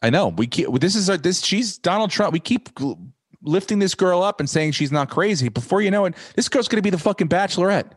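A man hosting a podcast, ranting in a profane, rambling, animated way. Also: sits high, brisk, breathy edge, no echo. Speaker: podcast host. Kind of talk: casual podcast chat.

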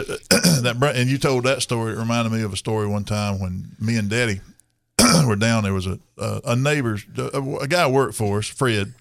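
A man's voice: lowish voice, gravelly, a bit bright, no echo. A man, hosting a radio talk show and telling a rambling, folksy story with chuckles.

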